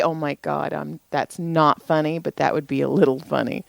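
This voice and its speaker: Woman in her forties, podcast co-host, profane animated storyteller, lowish pitch, dry close sound. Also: brisk, creaky, few pauses, no echo. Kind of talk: casual podcast chat.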